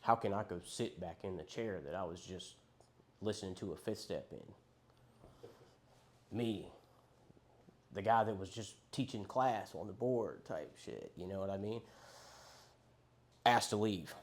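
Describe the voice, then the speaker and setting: A young man speaks in a lowish voice. He tells his own story of addiction and recovery in a candid, rambling way, swearing casually and acting out what others said to him. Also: measured pace, long pauses.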